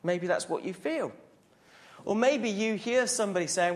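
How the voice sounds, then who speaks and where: A man's voice: high-pitched, a little fast. A man preaching a sermon to a congregation in a questioning, conversational way.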